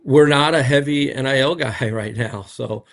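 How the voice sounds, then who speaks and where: A man's voice: medium pitch, normal speed, gravelly. A man with a strong Rhode Island accent, a basketball coach chatting in a casual interview, talkative, with lots of fillers and tag questions. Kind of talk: casual media day interview.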